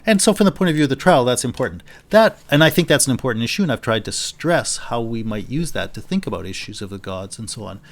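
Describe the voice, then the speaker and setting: A male philosophy lecturer giving an unscripted university lecture, thinking aloud and paraphrasing a text in a lively quoting voice. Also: mid-range voice, fast, few pauses. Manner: thinking aloud, with frequent restarts and fillers.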